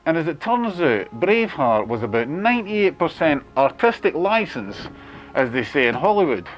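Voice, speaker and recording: A man's voice: on the high side, very animated, moderate pace. A Scottish man in his forties, talking to camera in a wry, chatty monologue full of jokey asides. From Scotland. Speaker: video blogger. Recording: muffled lo-fi with faint music.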